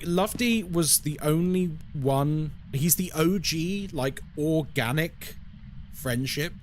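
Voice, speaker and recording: A man's voice: a little high, slight background noise. A man live-streaming a horror game, chatting casually to his viewers in a joking, sarcastic, rambling way.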